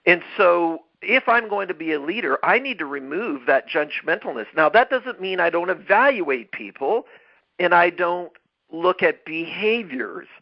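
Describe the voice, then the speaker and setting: A man with a somewhat high voice hosts a podcast on leadership, talking emphatically and circling back over his phrases. The sound is a bit dull and lo-fi. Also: expressive, a little slow, vocal fry. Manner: emphatic, repeats phrases, restarts mid-word. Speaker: podcast host. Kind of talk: motivational leadership talk.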